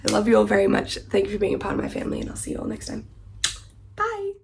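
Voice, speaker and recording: A woman's voice: medium pitch, rapid-fire, vocal fry. A woman reviewing books in a casual vlog. She talks in a chatty, apologetic way and often restarts her sentences. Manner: animated, emphatic, playfully apologetic. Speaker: book vlogger. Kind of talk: casual book review chat.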